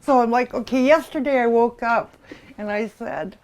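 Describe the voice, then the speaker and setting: A woman's voice: on the high side, moderate pace. A woman in her sixties who runs an animal sanctuary, talking casually and with feeling for a documentary, outdoors on a farm. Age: 60s. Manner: soft, heartfelt, emotional. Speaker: pig sanctuary owner.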